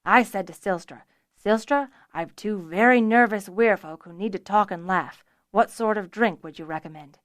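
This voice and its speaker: A woman reading a genial, teasing male craftsman in a fantasy audiobook, pleasant and gently coaxing. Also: sits high, normal speed, no echo, studio quality. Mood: jovial.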